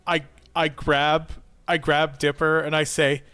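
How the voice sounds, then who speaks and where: Man, tabletop player, fairly high voice, excitable, dry sound. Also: unhurried, clean tone, no echo, soft background music. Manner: excited, playful, acts out wailing in character. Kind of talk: tabletop game play.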